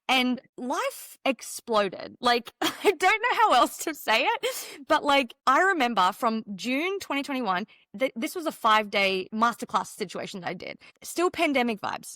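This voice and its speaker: Woman on a podcast, kinda high voice, super animated storyteller, dry close sound. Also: no room sound. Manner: animated, emphatic storytelling that acts out her own past thoughts. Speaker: guest, mindset mentor and former dancer. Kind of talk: casual podcast interview.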